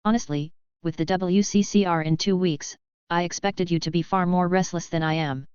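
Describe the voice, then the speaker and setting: Excitable middle-aged doctor, read by a woman. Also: lowish voice, normal speed, smooth, no echo, close to an everyday voice. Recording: dull lo-fi recording.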